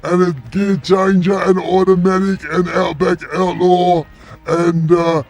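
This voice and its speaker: An Australian man hosting a live stream, shouting greetings and thanking viewers with exuberant energy. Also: sits high, little pitch movement, measured pace, creaky. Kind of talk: excited live stream chat. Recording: music playing behind.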